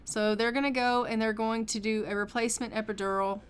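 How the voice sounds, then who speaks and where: A woman's voice: fairly high pitch, fairly even intonation, brisk, clean tone. Chatty woman narrating a life-sim game. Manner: chatty, voices the characters' lines in a running commentary. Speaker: gameplay narrator. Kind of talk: casual let's-play narration.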